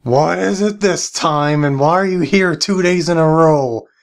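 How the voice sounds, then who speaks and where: A woman's voice: low-pitched, unhurried, slight background noise. A woman voicing an exasperated nerdy gamer guy in a comedy skit, flustered and grudging. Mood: annoyed.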